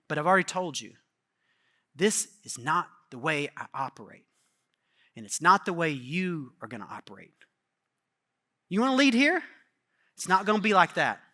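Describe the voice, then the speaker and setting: Bright-voiced, animated male pastor. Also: high-pitched. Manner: casual, animated storytelling with acted-out quotes. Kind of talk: sermon.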